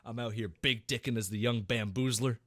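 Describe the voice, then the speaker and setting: A man's voice: mid-range voice, fairly even intonation, brisk, a bit bright, no echo, studio quality. A young man co-hosting a podcast, telling a gaming story with a lot of swearing and acting out voices and gunfire. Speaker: podcast co-host. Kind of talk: casual gaming story chat.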